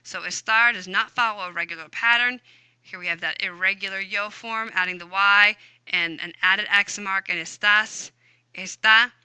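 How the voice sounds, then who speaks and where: A woman's voice: medium pitch, steady tone, moderate pace, sharp tone, clear, resonant tone, dry recording. Upbeat woman teaching a grammar lesson. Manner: upbeat, chatty, talks to herself while typing. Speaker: Spanish teacher. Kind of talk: recorded grammar lesson with screen typing.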